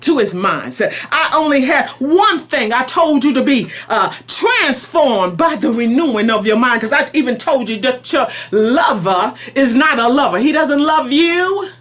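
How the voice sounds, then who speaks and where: A woman preacher gives a prophetic word in God's voice, emphatic and pleading, shifting between softness and force. Her high voice has lively intonation, a measured pace, and hardly any pauses.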